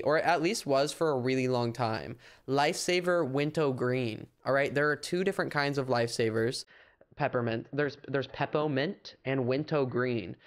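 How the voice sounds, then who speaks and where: A man's voice: mid-range voice, smooth. A young American man chatting casually and playfully on a livestream, rambling with filler words. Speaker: streamer.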